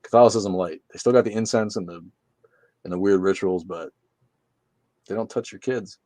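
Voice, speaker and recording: A man with a somewhat low voice runs a casual livestream from his room, reading viewer comments and firing back sarcastic, swearing jokes. The sound is dry and close, with no room echo. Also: moderate pace, a little mellow. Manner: sarcastic, joking, swears freely. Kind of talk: casual profane livestream chat.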